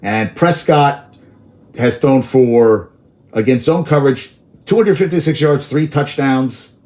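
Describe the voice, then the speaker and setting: A man's voice: mid-range voice, slow pace, a little mellow. A man hosting a casual sports talk show, rambling through stats and personal tangents, cursing freely, apparently outdoors in New York.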